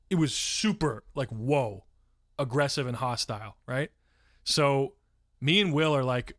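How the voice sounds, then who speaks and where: A man's voice: mid-range voice, normal speed, fairly bright tone, no room sound, studio quality. Rambling streamer man from San Francisco. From San Francisco, USA. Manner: rambling, swears freely, breaks off to read chat. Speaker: livestreamer. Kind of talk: casual live-stream storytelling.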